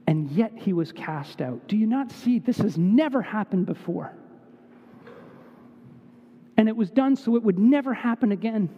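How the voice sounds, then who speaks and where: A man preaching a sermon as a pastor, impassioned, dropping to hushed tones and rising again. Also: high voice, lively intonation, normal speed, pauses often, slightly rough. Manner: impassioned, swinging between hushed and raised. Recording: dull sound with long reverb.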